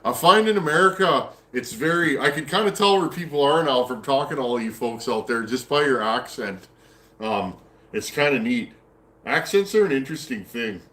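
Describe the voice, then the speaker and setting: A man's voice: mid-range voice, expressive, moderate pace, sharp tone, echoey room. A man from Canada with a Canadian accent, chatting casually on a live stream from his workshop and answering viewer comments in a folksy, rambling way. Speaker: chainsaw builder hosting a live stream. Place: home workshop.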